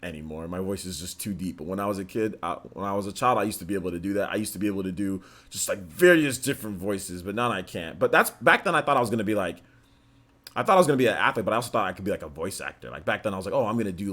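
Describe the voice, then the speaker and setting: A man hosting a casual livestream chat, telling animated stories and laughing often. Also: low voice, quick pace. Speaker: host. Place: indoors under studio lights. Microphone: on camera.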